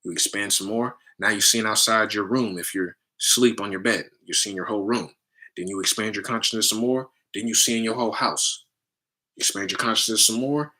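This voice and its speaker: A man hosting a casual spiritual talk with his community, animated and preachy, often checking in with "right?" and "family.". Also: mid-range voice. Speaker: livestream host talking to his community.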